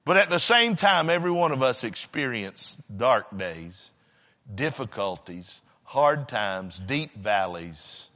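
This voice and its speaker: A man preaching a sermon. He swings between shouting and hushed, near-whispered passages. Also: medium pitch, sing-song, slow, big-room sound.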